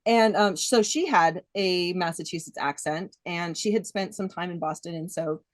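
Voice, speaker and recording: A woman's voice: fairly low pitch, normal speed, dry recording. A woman author interviewing a narrator, friendly and complimentary, who laughs easily. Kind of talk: casual interview chat.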